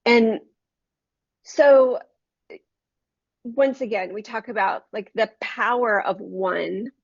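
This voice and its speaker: A woman's voice: a little high, slow pace, gravelly, breathy edge, dry recording. A woman shares a heartfelt Christian devotional story in an earnest, personal voice, talking straight to her listeners. The recording is dry and close, with a slightly dull, lo-fi sound. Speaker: Christian book reviewer.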